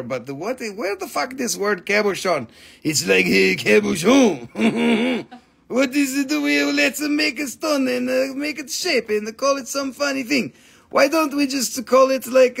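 A man's voice: very high voice, vocal fry, slightly rough. Crude, joking man selling crystals. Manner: crude joking sales patter. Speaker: live sale host. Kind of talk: live shopping stream.

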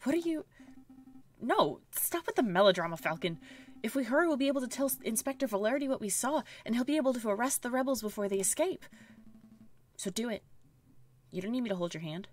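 A woman's voice: on the high side, lively intonation, brisk, long pauses, close to an everyday voice. A woman voicing a disillusioned male falcon lawyer who speaks in a heated, scornful way. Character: disillusioned falcon lawyer, man, fierce and bitter.

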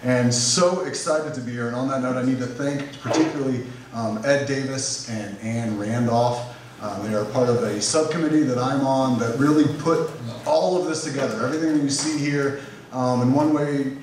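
A man hosting a live community poetry reading, welcoming the audience and thanking helpers in a relaxed, chatty way. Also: medium pitch, normal speed. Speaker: event host. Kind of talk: casual welcome and thank-yous at a live event. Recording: echoey hall from far off, noisy.

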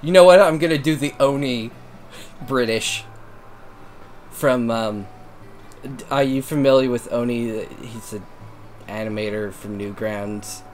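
A man's voice: mid-range voice, measured pace, long pauses, faint music behind. A man co-hosting a visual novel playthrough, rambling and self-mocking. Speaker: co-host voicing the game. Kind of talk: casual visual novel let's play.

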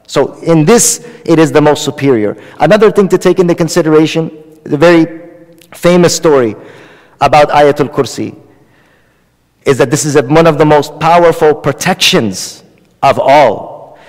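A man's voice: a little high, moderate pace, long reverb tail, poor audio. A man preaching a Ramadan night sermon, retelling a story with dialogue. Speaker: Islamic preacher.

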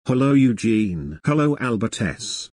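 A man's voice: mid-range voice, very animated, a little slow, darkish tone, slightly rough, dry recording, clean studio sound. A man voicing a fussy cartoon party organizer. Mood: plain. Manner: explaining, bossy to guests.

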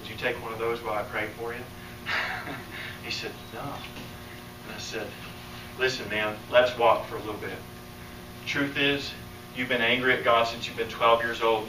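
An American man preaching a sermon, telling a healing story and acting out its dialogue, his voice climbing high as he gets excited. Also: a little hiss or hum. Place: church or conference hall, live audience. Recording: echoey hall, voice from a distance.

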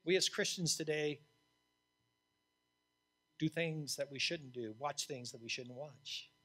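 An older male pastor preaching with a high, bright, forceful voice. He is blunt and emphatic, swinging between loud declarations and hushed asides. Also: measured pace. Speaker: interim pastor. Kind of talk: sermon.

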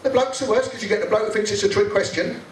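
Man, stand-up comedy, blunt and sweary, higher-pitched voice, echoey room, crowd laughter. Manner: blunt, sweary, acts out office characters in quick voices. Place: live venue with audience laughter. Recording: echoey live room, mic picked up from a distance, crowd audible.

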